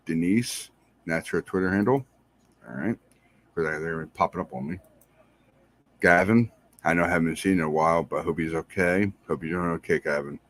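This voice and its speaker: Deep-voiced man giving rambling shout-outs. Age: adult, married. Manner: rambling, repeats himself, friendly. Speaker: podcast host. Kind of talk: casual shout-outs to listeners.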